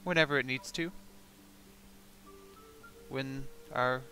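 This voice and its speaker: A man's voice: mid-range voice, fairly even intonation, slow, bright, forceful tone, faint music behind. A man voicing a terrified captive male goblin who stammers and repeats himself as he pleads. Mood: nervous. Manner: stammering, panicky repetitions.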